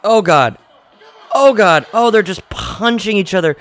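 A slow-talking man, gasping as he reacts. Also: high-pitched, a faint crowd. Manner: excitable, exclaiming and gasping; jokey asides. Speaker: podcast host. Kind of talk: live reaction commentary while watching a film.

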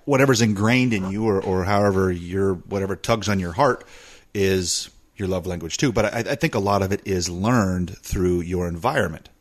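Man, podcast co-host, lower voice, easygoing and reflective. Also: normal speed. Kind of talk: casual chat.

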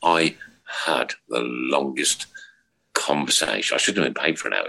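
A middle-aged man hosts a fan podcast in a loose, jokey way, rambling through his stories with plenty of fillers and restarts. His voice sits very low but swings up and down a great deal. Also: animated, moderate pace, creaky, pushed and bright. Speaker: podcast host. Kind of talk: casual chat.

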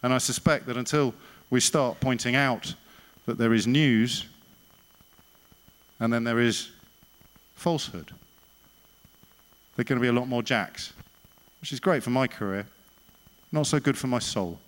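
A man delivers a speech to an evening crowd in a voice of ordinary, middling pitch. He is sardonic and emphatic, asks pointed rhetorical questions, and slows down to land his punchlines. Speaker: speaker at an evening event. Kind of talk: public speech with anecdote.

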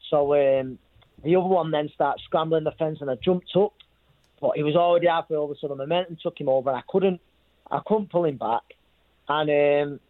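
A boxer tells his story in an interview, rambling and repeating himself as he quotes other people. His voice is fairly high and a little fast, recorded dry with a thin, phone-like sound.

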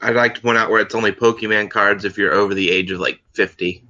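Guy cohosting a podcast, rambly, bright voice, kinda dull mic. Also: fairly low pitch, steady tone, fast talker. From Central Florida. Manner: rambling, full of fillers. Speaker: podcast co-host. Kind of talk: casual podcast chat.

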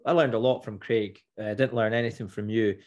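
A man co-hosting a casual podcast, relaxed and often restarting his words. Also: lowish voice, brisk, background noise. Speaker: podcast co-host. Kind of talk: casual chat.

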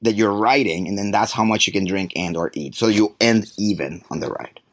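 A man's voice: on the low side, a little fast, fairly bright tone. A middle-aged man hosting a podcast in casual, rambling chat, joking as he goes. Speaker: podcast host.

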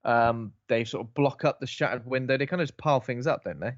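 A man from Bristol, co-hosting a podcast and recapping film scenes in casual chat with quick asides. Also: medium pitch, dry recording. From Bristol, England. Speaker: podcast co-host. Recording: slightly dull, dry lo-fi audio.

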